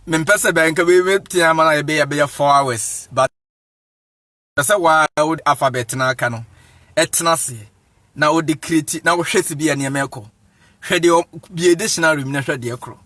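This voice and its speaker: Man with a high, bright voice. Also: no echo. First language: Akan. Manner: mixes Akan and English, laughs often, drawn-out emphasis. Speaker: evangelist. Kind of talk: casual lecture.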